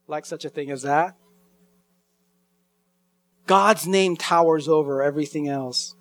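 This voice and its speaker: High-voiced man preaching a sermon. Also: fairly bright tone, dry recording. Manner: expository preaching, slows down to read scripture with emphasis. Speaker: pastor.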